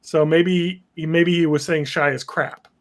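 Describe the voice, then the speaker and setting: Excitable man reading posts aloud. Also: a little high, slow pace. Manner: excitable, reads posts aloud with running commentary. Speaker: podcast co-host. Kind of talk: casual chat.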